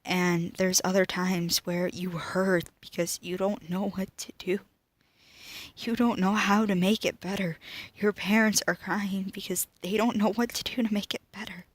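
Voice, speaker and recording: A teenage girl speaking to camera about her own life, emotional and halting, often dropping to a whisper. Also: mid-range voice, little pitch movement, dry recording. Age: teens. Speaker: student vlogger. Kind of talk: personal talk to camera.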